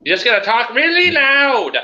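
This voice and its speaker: A man's voice: very high-pitched, big pitch swings, moderate pace, sharp tone, lo-fi sound. A man co-hosting a casual roundtable chat, cheeky and laughing often. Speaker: podcast co-host.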